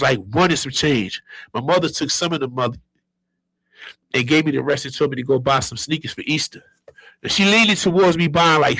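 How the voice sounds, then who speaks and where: A man in his fifties from Brooklyn with a New York accent, telling stories as a guest in an animated, streetwise and profane way. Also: on the high side, gravelly, dry recording, poor audio. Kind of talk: casual storytelling.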